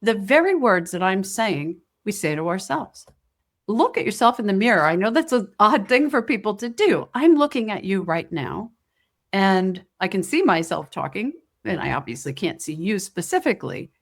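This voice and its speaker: Gentle woman coaching the listener. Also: medium pitch, big pitch swings, moderate pace. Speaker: podcast host. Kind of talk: reflective podcast monologue.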